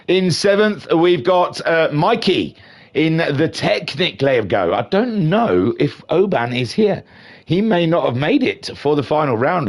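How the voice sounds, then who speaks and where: Male race caster, animated delivery, playful banter with the audience. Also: mid-range voice. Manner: chatty, jokey and animated, with playful asides. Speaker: race commentator. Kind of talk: live sim-racing commentary.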